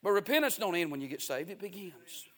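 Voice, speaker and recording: A man's voice: sits high, sing-song, brisk, a bit bright. A male pastor preaching a sermon in a folksy, emphatic way, repeating key phrases.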